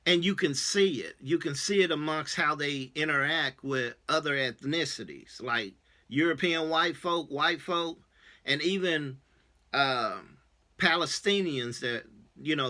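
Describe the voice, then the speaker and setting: Bright-voiced man telling his testimony. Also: a little high. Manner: casual, many fillers, acts out quoted dialogue. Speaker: religious elder. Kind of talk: personal testimony storytelling.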